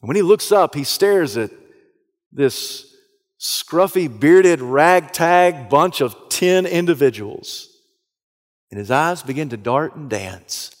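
A Southern American man preaching with a slightly high voice, retelling the story in an animated, dramatic way and breaking into loud bursts. His voice rings out with a long reverb, as in a large hall. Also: slow pace. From Southeastern United States. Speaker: pastor. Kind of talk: sermon storytelling.

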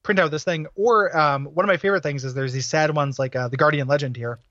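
A man's voice: fairly high pitch, fast talker, sharp tone, no echo, highs cut off. A man co-hosting a podcast, talking casually in a rambling way with many fillers and restarts. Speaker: podcast co-host. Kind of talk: casual chat.

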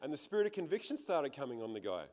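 A man's voice: a little high, big pitch swings, fast talker, a little mellow. A middle-aged Australian man preaching a sermon, telling his own story earnestly and repeating phrases for emphasis. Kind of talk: sermon with personal testimony. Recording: long hall reverb.

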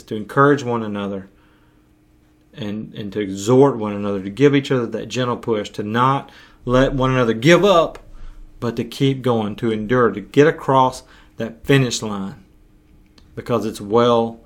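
Earnest pastor man, voice going hoarse. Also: lowish voice. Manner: earnest, urging, slow deliberate pauses. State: losing his voice. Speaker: pastor and podcast host. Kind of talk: podcast sermon.

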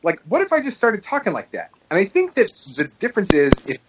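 A man's voice: high voice, huge pitch swings, fast talker, noisy background. A man co-hosting a podcast, chatting casually and telling stories animatedly with frequent restarts. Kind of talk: casual chat.

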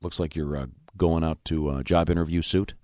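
A man with a notably low voice co-hosts a morning radio show. He talks in a halting, easygoing way full of ums and restarts. His studio mic sounds dry and close. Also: steady tone, darkish tone, dry recording. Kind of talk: casual morning radio banter. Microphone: studio microphone.

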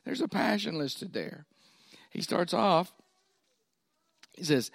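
Man, pastor, sermon, folksy asides, slightly high voice. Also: animated, slow pace, creaky, long pauses, no echo, clean studio sound. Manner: folksy, checks in with listeners.

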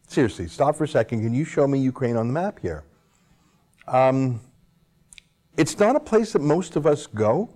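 A man in a sarcastic opinion monologue, needling his targets with rhetorical questions. His voice sits in an ordinary middle pitch, and he swings between quick runs and drawn-out, pointed phrases. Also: animated, mellow. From Canada. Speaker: political commentator host.

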